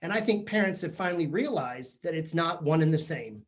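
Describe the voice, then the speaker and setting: Animated joking man addressing teachers. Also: on the high side, fairly quick. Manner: animated, jokey, asks the audience questions. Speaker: keynote speaker for teachers. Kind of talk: comedic motivational talk. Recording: virtual session.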